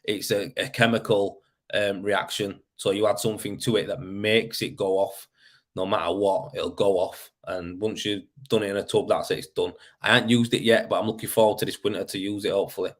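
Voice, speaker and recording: Reading comments on his livestream, a Leeds host with a West Yorkshire accent chats loosely, laughing often and saying "you know what I mean." His voice is on the low side and fairly bright, with fairly even intonation and a slightly quick pace.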